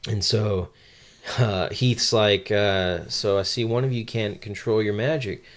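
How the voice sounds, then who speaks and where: Low-voiced man recapping a manga. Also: steady tone, a little slow. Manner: reads quotes aloud in a lightly acted voice, many ums and uhs. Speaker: podcast co-host. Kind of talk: casual chat recapping a manga.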